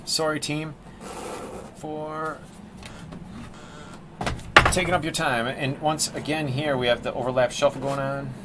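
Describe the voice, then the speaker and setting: A man's voice: mid-range voice, noisy background. A man chatting casually and rambling with jokes as he paints on a live stream, calling his viewers "team".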